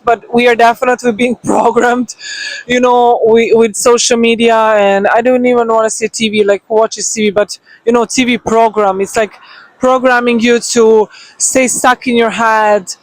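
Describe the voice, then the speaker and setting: Chatty excitable woman vlogging from the beach. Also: a little high, dry recording, low-quality recording. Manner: chatty, excitable, lots of "like" and "you know". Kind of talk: casual chat to camera. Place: on a beach at sunrise. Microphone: phone propped on the beach.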